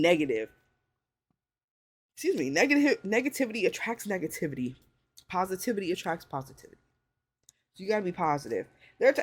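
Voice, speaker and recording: A thirty-year-old woman chatting casually to viewers and giving advice, blunt and full of swearing, with lots of "like" and "you know". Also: slightly rough. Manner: swings into high excited pitch when riled up. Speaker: vlogger.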